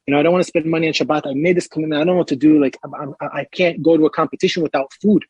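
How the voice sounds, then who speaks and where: A man guest on a podcast, telling a lively story and acting out other people's lines in raised voices. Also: on the high side, rapid-fire, breathy edge, no room sound, muffled recording. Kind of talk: animated storytelling.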